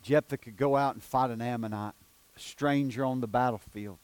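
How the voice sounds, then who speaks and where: A male pastor with an East Tennessee accent preaching in a church. He moves between quiet, low passages and loud, emphatic declarations. His voice sits at an ordinary male pitch, and the recording is close and dry. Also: steady tone, moderate pace, clean tone, no room sound. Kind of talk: sermon. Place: church sanctuary.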